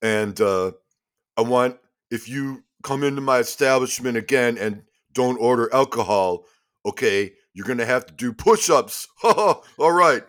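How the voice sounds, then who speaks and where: A man's voice: mid-range voice, lively intonation, measured pace, fairly bright tone. A man voicing a boorish tavern owner who boasts and trades insults in a comedy sketch. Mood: mocking. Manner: laughs at own insults, boastful. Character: boorish male tavern owner, brash and mocking.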